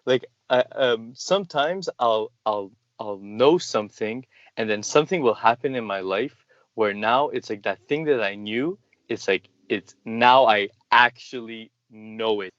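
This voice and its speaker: A man with a lowish voice talks in a loose, searching way, filling his sentences with "like" and "um". The recording is dry and somewhat dull. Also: measured pace, fairly bright tone, no echo. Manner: hesitant, full of "like" and "um". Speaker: conversation partner. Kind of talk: casual conversation.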